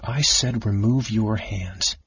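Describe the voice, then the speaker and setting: A man's voice: lowish voice, slow, a bit bright, breathy edge, dry recording, highs cut off, heavily acted. An audiobook narrator voicing a scornful male mage who talks coldly, mocking and sometimes whispering. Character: sickly scornful male mage, cold and cutting.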